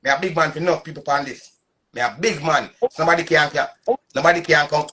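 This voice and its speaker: A man in his thirties with a Jamaican Patois accent talks on a live stream in a somewhat high voice. He rants in an emphatic, boastful way and hammers the same phrases over and over. Faint vehicle noise sits in the background. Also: fast talker, bright, forceful tone. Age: 30s. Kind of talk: casual live-stream rant.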